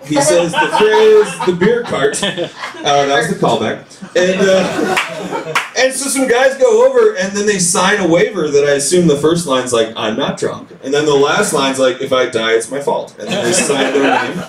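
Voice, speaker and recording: A man's voice: fairly high pitch, lively intonation, normal speed. Chatty man doing stand-up, roomy far sound. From small town. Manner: chatty, leans on "like", acts out quotes. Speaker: stand-up comedian. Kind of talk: stand-up routine. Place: comedy club stage. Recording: echoey club room heard from far off.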